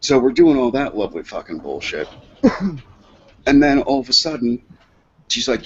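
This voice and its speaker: A man's voice: mid-range voice, big pitch swings, normal speed, pauses often, slightly rough. A man co-hosting a casual talk show, telling long rambling stories full of profanity. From Massachusetts. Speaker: co-host. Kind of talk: casual chat, storytelling. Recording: dull lo-fi sound with faint noise.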